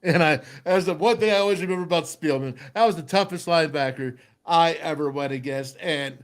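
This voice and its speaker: Middle-aged male sports-talk host, fairly high voice, animated storyteller who does the voices. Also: brisk. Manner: animated storyteller, acts out voices, laughs often. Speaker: radio show host, former football player.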